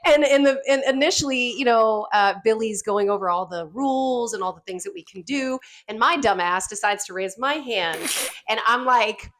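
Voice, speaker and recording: A woman in her thirties, a guest on a podcast, telling a story in a lively casual way, laughing often and acting out quotes. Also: a little high, moderate pace, few pauses.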